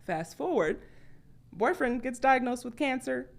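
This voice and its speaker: A woman guest on a podcast, talking candidly and acting out her past thoughts with sudden jumps in pitch. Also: expressive, unhurried, creaky. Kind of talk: candid conversational storytelling.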